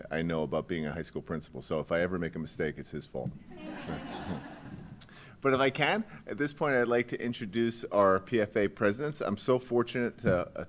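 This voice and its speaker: A man, a high school principal, telling a joking, animated story in a welcome speech. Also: slight background noise.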